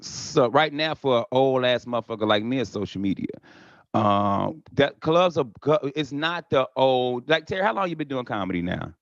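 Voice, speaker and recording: A man's voice: medium pitch, animated, normal speed, no echo. A middle-aged man, a guest comedian, telling stories in a casual podcast chat. He briefly mimics the people he quotes and swears freely. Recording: slightly dull lo-fi sound.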